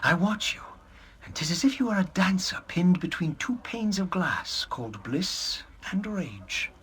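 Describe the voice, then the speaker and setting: An actor voicing an intense, brooding male warrior in a video game, speaking in a hushed, breathy, poetic way. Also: sits high, expressive, a little slow.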